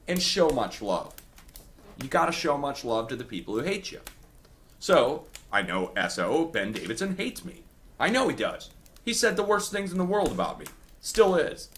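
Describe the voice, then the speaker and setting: An aggrieved man talks straight to his online audience, repeating his points over and over. His voice sits at a middle pitch, and faint noise hums under it. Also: a bit bright. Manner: indignant, repetitive, addresses viewers as guys. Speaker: earthquake forecast video host. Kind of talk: heated personal rant to viewers.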